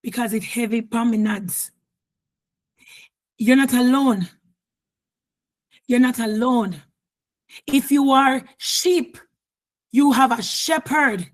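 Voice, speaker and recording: A woman preacher delivering a fervent sermon, repeating phrases and often raising her voice to a shout. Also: a little high, slow pace, pauses often.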